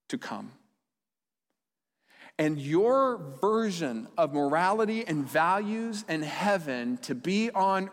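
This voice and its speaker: Pastor preaching in echoey hall. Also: male voice, fairly high pitch. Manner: conversational, with quick asides and checks to the audience. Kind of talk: sermon. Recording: long reverb of a large hall.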